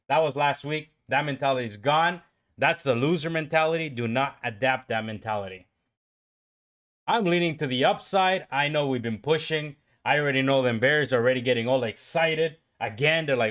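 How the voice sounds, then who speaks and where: A man giving live trading commentary on his own stream, talking to himself and his viewers and swinging from calm explaining to excited outbursts. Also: mid-range voice, normal speed. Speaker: livestream day trader.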